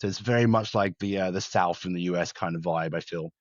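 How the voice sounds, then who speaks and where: A man's voice: low voice, no room sound, lo-fi sound. A man from England with a British accent tinged by South African speech, a former soldier talking casually and laughing easily in a podcast interview. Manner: chatty and quick, laughs easily. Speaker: guest, former soldier and wildlife conservationist. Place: home in rural South Africa, remote call.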